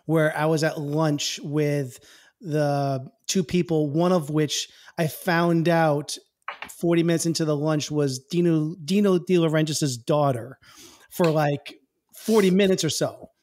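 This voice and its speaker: A man's voice: fairly high pitch, fairly even intonation, unhurried, darkish tone, slight background noise. A man in casual conversation telling a short story, hesitant and self-deprecating. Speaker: podcast co-host.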